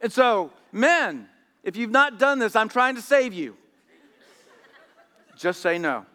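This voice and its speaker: A man's voice: high-pitched, sing-song, takes it slowly, pushed and bright. A man preaching a sermon in storytelling style, often repeating words as he goes. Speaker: pastor. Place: church hall. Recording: echoey church hall.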